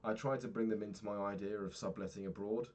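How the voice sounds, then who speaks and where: A man's voice: on the low side, fairly even intonation, fast talker, darkish tone. A young man talking through his day in a candid, rambling diary vlog, swearing freely. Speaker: vlogger.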